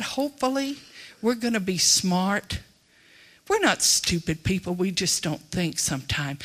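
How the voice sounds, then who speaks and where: Bright-voiced preacher with a drawl. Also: mid-range voice. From Texas. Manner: folksy, emphatic, swings between loud and hushed. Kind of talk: sermon.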